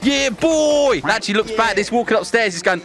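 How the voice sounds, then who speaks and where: A young British man joking and bantering loudly while playing a VR shooter with others. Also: sits high, animated, brisk, music in the background. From Britain. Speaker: gaming YouTuber.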